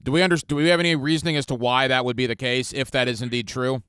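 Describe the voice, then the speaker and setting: A man hosting a radio sports talk show, brisk, firing off quick questions at his guest. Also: mid-range voice, steady tone, a bit bright, clear, resonant tone, no echo.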